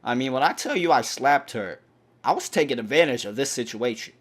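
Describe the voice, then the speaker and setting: A young man hosting a gaming channel, telling a rambling, animated story over gameplay with plenty of fillers. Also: mid-range voice, a little fast.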